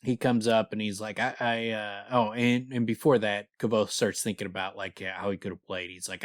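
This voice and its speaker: A man's voice: lowish voice, steady tone, fairly quick, hardly any pauses, no echo, studio quality. A man co-hosting a podcast, chatting casually about a book, rambling and swearing freely and reading passages aloud. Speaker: podcast co-host.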